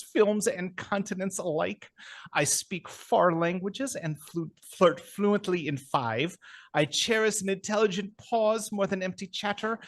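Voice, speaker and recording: A man's voice: high voice, a bit bright. A man performing an improvised impression of a suave actor, florid and precise, savoring each word. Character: suave Austrian actor persona, man, urbane and theatrical.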